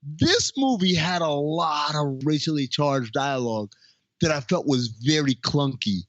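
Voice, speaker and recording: A man's voice: fairly high pitch, a little slow, no room sound, dull audio. A man co-hosting a podcast, joking and laughing while chatting casually about a film. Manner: joking, expressive, laughs often. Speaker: podcast co-host. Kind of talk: casual film review chat.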